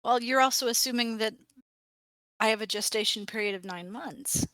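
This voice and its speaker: A woman voices her character in a tabletop game, narrating what the character does in the third person. Her voice is bright and very clear, recorded close and dry. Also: on the high side, normal speed, dry recording.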